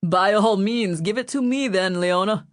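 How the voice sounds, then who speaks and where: A woman's voice: medium pitch, measured pace, no room sound, clean studio sound, lightly acted. A woman voicing a fat, greedy, joking Genovese man in an audiobook, in a boisterous, teasing manner. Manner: boisterous, teasing, relishing food. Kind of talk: audiobook character voice.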